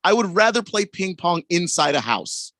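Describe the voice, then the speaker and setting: A man's voice: high voice, very animated, moderate pace, pushed and bright, dry recording. A man co-hosting a sports talk radio show who argues his point in an exasperated way. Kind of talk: casual sports radio debate. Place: radio studio. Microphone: close studio mic. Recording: dry close studio sound.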